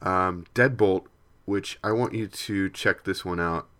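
A man's voice: low voice, measured pace, sharp tone. A man co-hosting a casual podcast, talking in an easygoing way with lots of filler words. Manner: easygoing, lots of ums, reads news aloud. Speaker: podcast co-host.

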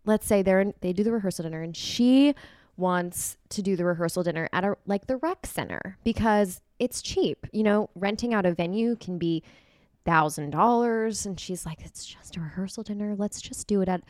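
A woman's voice: medium pitch, normal speed, no echo, clean studio sound. A young woman co-hosting a podcast, chatting casually and acting out little quotes as she talks. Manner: chatty, animated, full of acted-out quotes. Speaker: podcast co-host. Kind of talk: casual chat about wedding planning.

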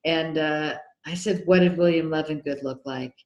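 Woman, lowish voice, animated storyteller, acts out dialogue, echoey room. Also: normal speed, lo-fi sound. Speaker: guest, documentary filmmaker. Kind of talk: storytelling in a podcast interview.

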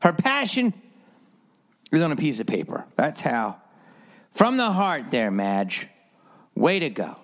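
A man's voice: fairly high pitch, wildly swooping pitch, takes it slowly, pauses often, a bit bright. A man hosting a solo podcast, rambling through stories with a sarcastic edge. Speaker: podcast host.

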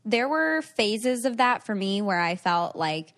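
A woman's voice: mid-range voice, big pitch swings, unhurried, fairly bright tone. A young adult woman hosting a podcast, talking in a reflective, casual way with many "like"s. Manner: reflective, says "like" often. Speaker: podcast host. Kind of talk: casual chat.

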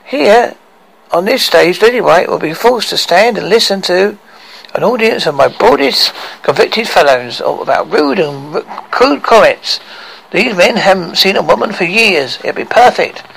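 A man reading aloud, voicing a gleeful, scheming queen with a higher, sing-song delivery. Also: animated, measured pace, gravelly, fairly bright tone, slight background noise, full character voice, rough recording. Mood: gloating.

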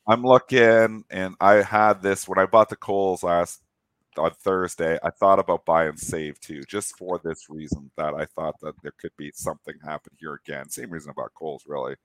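A man's voice: sits low, fairly even intonation, normal speed, no room sound. A middle-aged man with a nasal voice, co-hosting a casual stock market show and talking through his trades. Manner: opinionated, talks through trades. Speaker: co-host.

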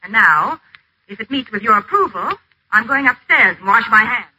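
An actress playing a firm, no-nonsense young secretary in love, in 1940s radio acting. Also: female voice, fairly high pitch, animated, moderate pace, sharp tone, slight background noise, rough recording. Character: brisk, level-headed young secretary in love.

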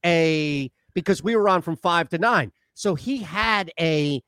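A man's voice: on the high side, measured pace, clean tone, no room sound. Upbeat storytelling man, dry studio sound. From Philadelphia. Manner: animated anecdote-telling with laughs. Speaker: radio co-host. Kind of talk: casual sports radio storytelling.

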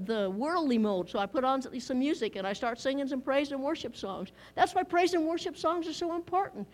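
High bright-voiced woman preaching folksy. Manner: lively and folksy, with rhetorical questions to the congregation. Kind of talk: conversational sermon. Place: church.

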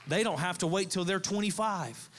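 A man's voice: high-pitched, normal speed, a bit bright, long reverb tail. A man in his thirties, a pastor, preaching a sermon in a conversational, storytelling way, with asides to the congregation. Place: church sanctuary.

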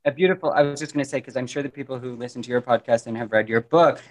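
Animated, joking man chatting as a guest. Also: medium pitch, racing. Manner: animated, jokey, lots of fillers and restarts. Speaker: podcast guest, mental health advocate. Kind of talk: casual conversational interview.

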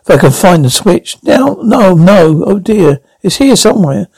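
A man's voice: high-pitched, sing-song, normal speed, darkish tone, breathy edge, dry recording, full character voice, poor audio. A man reading the lines of a time-traveling male doctor, giving coaxing, reassuring instructions in a sci-fi story reading. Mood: fussing.

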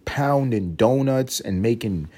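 A young man hosting a solo comedic podcast, rambling and profane, now and then jumping into shrill mock voices. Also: lively intonation, slow pace, dark tone. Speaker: podcast host.

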